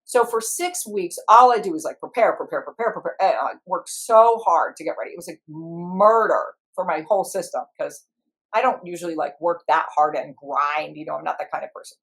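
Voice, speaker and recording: A woman's voice: lowish voice, a little fast, vocal fry, a bit bright. A middle-aged woman, an IFS practitioner, telling a story in conversation and acting out her inner parts in quoted voices.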